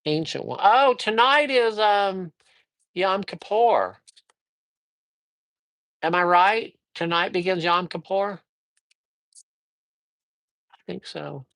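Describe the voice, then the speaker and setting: A man's voice: high-pitched, slow, gravelly, pauses often, fairly bright tone, no room sound. Chatty man giving livestream card readings. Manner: upbeat, chatty, addresses viewers by name; rambling, with frequent fillers. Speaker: psychic reader. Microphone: livestream microphone.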